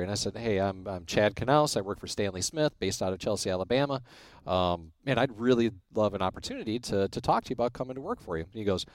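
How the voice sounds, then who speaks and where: Low-voiced man telling stories. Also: a little fast, few pauses, dry recording. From Illinois. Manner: animated storyteller, acts out quoted dialogue. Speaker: guest. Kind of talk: casual storytelling.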